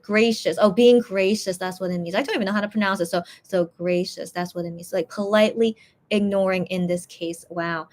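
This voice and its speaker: A woman's voice: mid-range voice, steady tone, brisk. A tired woman hosting a casual livestream, chatting in a rambling way and reading fan comments aloud. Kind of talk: casual chat.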